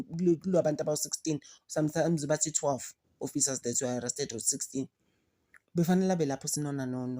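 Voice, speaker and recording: A woman's voice: deep voice, warm tone. A South African woman giving outspoken, exasperated commentary, mixing English and Zulu in a casual chat. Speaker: commentary vlogger.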